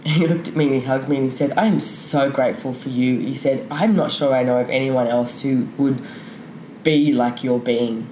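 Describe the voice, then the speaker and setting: A woman with a low, deep voice talks candidly as a podcast guest. She rambles through her thoughts with plenty of fillers. The room is echoey, with a faint hiss behind her. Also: steady tone, moderate pace, dark tone. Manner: open, frank, rambling with many fillers. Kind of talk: candid conversational interview.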